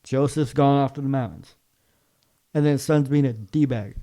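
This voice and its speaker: A man's voice: medium pitch, normal speed, dark tone. A young man co-hosting a casual podcast, ranting with strong opinions about games. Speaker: podcast co-host.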